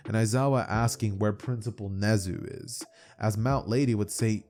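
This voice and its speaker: With soft music in the background, a man with a fairly low, steady, darkish voice narrates a fan-made anime story at home for YouTube at a moderate pace. The retelling is loose and casual, full of fillers, and he keeps saying "as from here".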